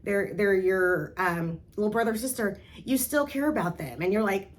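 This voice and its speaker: A woman's voice: medium pitch, moderate pace. Woman coaxing young girls through a lesson. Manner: animated, coaxing, asks listeners to repeat affirmations. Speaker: youth self-esteem instructor. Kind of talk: encouraging talk to young girls.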